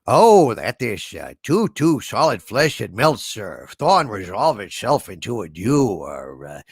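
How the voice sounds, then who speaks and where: A man's voice: lowish voice, wildly swooping pitch, vocal fry, husky, dry recording, clean studio sound, voice pushed down, heavily acted. A man putting on the voice of a rumpled, mumbling older TV detective who halts and hesitates while reciting verse. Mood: musing. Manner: halting, hesitant, with drawn-out fillers.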